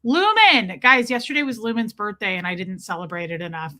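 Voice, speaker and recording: A woman's voice: medium pitch, expressive, a little fast, few pauses, bright, forceful tone. A middle-aged woman hosting a casual livestream, greeting viewers by name in a chatty, affectionate way, calling them babe and girl and poking fun at herself. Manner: self-deprecating, laughs often, bits of mild swearing. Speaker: livestream host.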